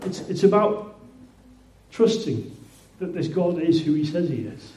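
A man's voice: a little high, expressive, measured pace, dark tone. A man preaching a sermon in a conversational way, often repeating words and restarting phrases. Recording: roomy echoing hall.

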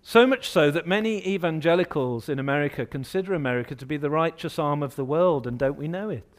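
A man from England preaching a sermon, rising to loud, emphatic outbursts as he voices objections. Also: on the high side, fast talker.

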